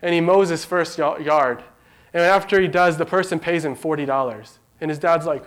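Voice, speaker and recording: Young man, informal devotional talk, chatty storytelling, slightly high voice. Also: normal speed, a bit bright. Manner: chatty storytelling, many likes and rights.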